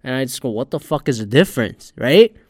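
A man's voice: medium pitch, lively intonation, fairly quick, no echo, studio quality. A man ranting in casual, rambling commentary, sarcastic and swearing constantly as a podcast host. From Asian heritage.

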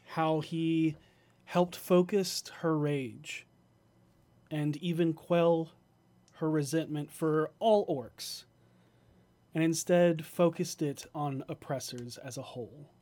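Brief: game master, man, slightly high voice, slow, hesitant narration. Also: steady tone, darkish tone.

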